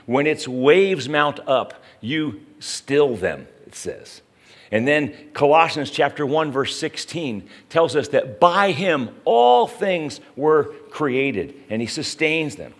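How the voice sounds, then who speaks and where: A middle-aged man preaching a sermon in a conversational way, often asking the listeners questions. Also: mid-range voice. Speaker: pastor.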